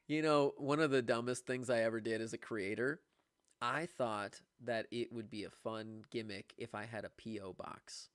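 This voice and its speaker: A young man, a music teacher, chats casually with viewers on a livestream. He is excitable and quick to laugh. His voice sits in a mid range and sounds dry and close. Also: mid-range voice, clear, resonant tone, dry recording. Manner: chatty, laughing, excitable about gifts. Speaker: music teacher streaming live.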